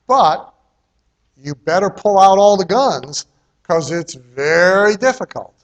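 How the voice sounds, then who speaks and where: A man's voice: high voice, animated, slow pace. Blunt chatty seminar speaker, a man. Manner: blunt and conversational, checks in with "okay?" and "right?"; salty and irreverent. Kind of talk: live seminar talk.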